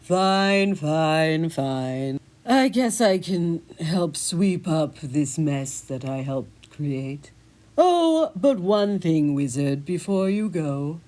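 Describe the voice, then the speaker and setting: A woman voicing a sly, scheming male talking cat who speaks in a slow, deliberate drawl. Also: sits low, expressive, darkish tone, heavily acted. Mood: grudging.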